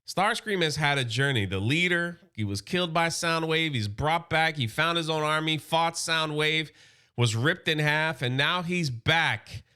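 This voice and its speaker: A man recapping a comic book in a casual, slangy, excited way. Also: on the high side, unhurried, smooth.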